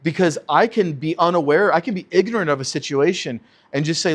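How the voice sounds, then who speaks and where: Male pastor, verse-by-verse teaching, animated, rhetorical questions, fairly high voice. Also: a little fast, hardly any pauses.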